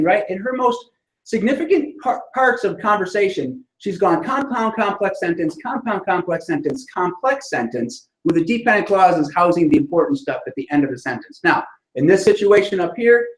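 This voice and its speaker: High-voiced man lecturing in an echoey room. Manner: conversational, frequent "right?" check-ins. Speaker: writing instructor. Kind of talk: classroom lecture on sentence structure.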